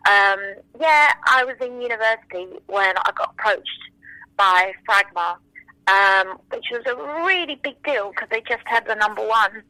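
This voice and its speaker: A woman in her forties, a French native speaker, is an interview guest sharing memories with lively enthusiasm. She often slips into little acted-out quotes. Her voice is bright and crisp, recorded close and dry with no room sound. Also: mid-range voice, moderate pace, dry recording, low-quality recording. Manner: animated, enthusiastic, acts out quotes. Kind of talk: casual interview storytelling.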